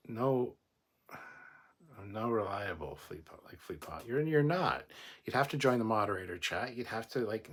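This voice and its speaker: A man with a slightly husky voice sitting low in pitch talks loosely through a livestream. He jokes and rambles, stumbling over his words now and then, as he reads viewer comments aloud. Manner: joking, chatty, rambling with restarts. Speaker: livestream host. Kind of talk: casual livestream chat, reading viewer comments.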